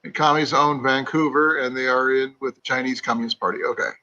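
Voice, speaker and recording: A man's voice: medium pitch, steady tone, brisk, bright, forceful tone, lo-fi sound, a little hiss or hum. A man from Iowa joining a casual live-stream chat as a guest, chatty and rambling. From Iowa, USA.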